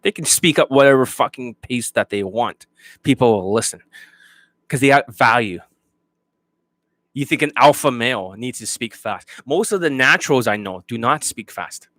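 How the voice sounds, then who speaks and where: A man's voice: medium pitch, animated, normal speed, a bit bright, dry recording. Blunt, profane male dating coach. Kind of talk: coaching rant.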